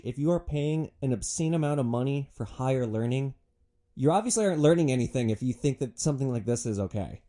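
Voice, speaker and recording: Brief: young guy, comic storyteller, swearing freely, animated delivery, warm mellow voice. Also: mid-range voice, a little fast. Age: young adult. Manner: sardonic, profane, animated. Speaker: podcast host, former rideshare driver. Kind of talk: comedic storytelling monologue.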